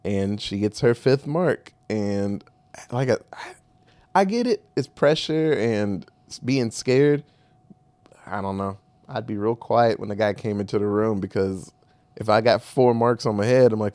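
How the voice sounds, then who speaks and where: A man's voice: on the low side, measured pace, a little mellow, no room sound. A man co-hosting a casual talk show, recapping a movie in a rambling, profane way and correcting himself as he goes. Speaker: podcast co-host recapping a movie. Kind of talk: casual chat.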